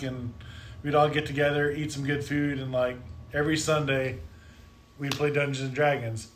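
A man chats on a podcast in a relaxed, unhurried way. His voice sits a little high. He pads his talk with casual fillers. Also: slight background noise. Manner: relaxed, lots of fillers like 'like' and 'uh'. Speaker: dungeon master. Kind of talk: casual chat.

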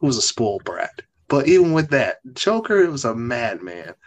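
A man hosting a casual podcast chat, animated and teasing his co-host. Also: medium pitch, normal speed.

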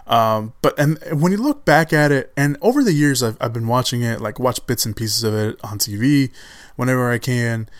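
A man's voice: mid-range voice, animated, moderate pace, dry recording, clean studio sound. A man hosting a solo film podcast in casual chat, rambling with restarts and fillers, laughing now and then as he enthuses. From Chicago area, USA. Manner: enthusiastic about films, laughs often. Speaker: podcast host.

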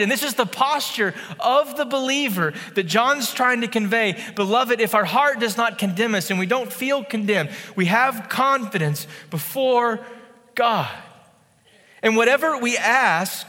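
A man in his thirties preaching a sermon in a church, conversational and animated, with playful asides. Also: very high voice, big-room sound. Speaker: pastor.

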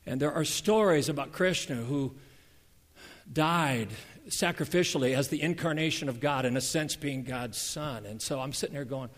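A man delivers a sermon as a pastor, his voice sitting in an ordinary middle register. He swings between loud, emphatic peaks and soft, hushed stretches. The sound carries a long reverb, as if recorded in a big sanctuary. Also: mid-range voice, moderate pace. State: emotional, near tears. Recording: reverberant hall.

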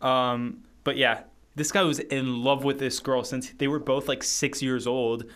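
A man's voice: medium pitch, level tone, measured pace, a bit bright. Young guy going on about movies, rambly, lots of likes and you knows. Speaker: podcast co-host. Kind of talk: casual movie-list chat.

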